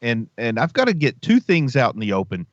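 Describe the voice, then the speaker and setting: A man's voice: medium pitch, very animated, fairly quick, dry recording, muffled recording. A man co-hosting a movie podcast, talking in a casual, jokey way and often tacking "man" onto his sentences. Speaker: podcast co-host. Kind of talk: casual chat.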